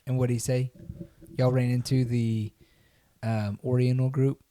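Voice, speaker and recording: A young man hosting a casual podcast, teasing and excitable, swearing casually. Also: medium pitch, a little slow. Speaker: podcast host. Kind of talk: casual chat.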